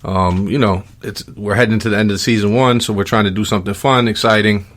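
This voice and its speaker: A middle-aged man with a low voice hosts a podcast in easygoing chat. He rambles loosely and leans on "um" and "you know" between thoughts. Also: a little fast. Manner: relaxed, rambling with many fillers. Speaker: podcast host.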